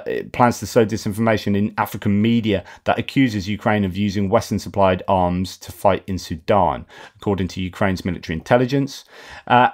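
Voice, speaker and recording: A man's voice: mid-range voice, a little mellow. A man with an English accent hosting a news update, reading from reports and commenting off the cuff, stumbling over names and filling gaps with "uh". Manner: hesitant, with frequent fillers and restarts over names. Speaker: host of a daily news update show.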